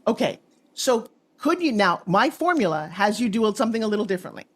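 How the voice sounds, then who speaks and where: A woman pitch coach talking on a podcast in an emphatic, sales-driven way. Her voice sits at a middling pitch, and she lands her points in short, punchy bursts. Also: big pitch swings, brisk. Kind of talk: energetic podcast interview advice.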